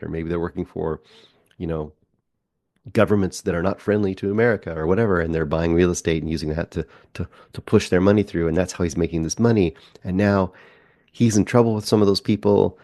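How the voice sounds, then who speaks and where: Deep gravelly guy rambling thru a movie plot on a podcast, dry close sound. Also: darkish tone, dry recording. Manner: rambling plot recap with quoted asides. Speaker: podcast film reviewer. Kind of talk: casual movie review chat.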